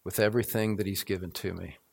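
A man's voice: low voice, fairly even intonation, fast talker, creaky, darkish tone, slightly rough. A middle-aged man preaching a sermon as pastor, earnest and building to fervent, repetitive emphasis.

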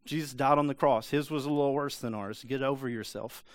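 A man's voice: mid-range voice, a little fast, no room sound. A man as pastor preaching a sermon in a conversational, emphatic way, asking rhetorical questions and acting out quoted voices.

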